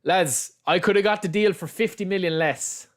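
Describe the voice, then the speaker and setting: A young Irish man giving chatty, excitable live commentary as he plays a game on stream, calling out to his viewers. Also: sits high, normal speed. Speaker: gaming livestreamer. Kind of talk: casual live commentary over gameplay.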